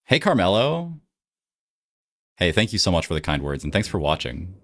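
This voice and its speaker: A man's voice: sits low, sing-song, normal speed, a bit bright. A man with a Texan accent, chatting casually with viewers while streaming a game, laid-back and talkative. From Texas. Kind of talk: casual chat while gaming and reading chat.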